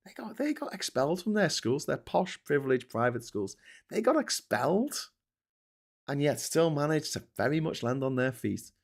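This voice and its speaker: A man's voice: a little high, sing-song, moderate pace, vocal fry. A man hosting casual political commentary in a sarcastic, profane ranting manner. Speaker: host.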